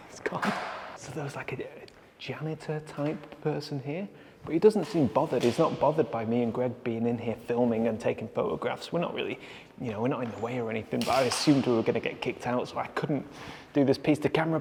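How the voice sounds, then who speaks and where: Guy vlogging from his van and city streets, chatty, laughs a lot, noisy background. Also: mid-range voice. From England. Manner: chatty, laughs often, drops to a hushed voice indoors. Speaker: photography vlogger. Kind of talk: casual vlog to camera.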